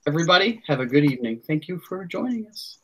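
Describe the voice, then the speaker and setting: Male podcast host, rambling and self-deprecating, slightly raised pitch. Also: sing-song, quick pace, crowd noise. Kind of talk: casual podcast sign-off chat.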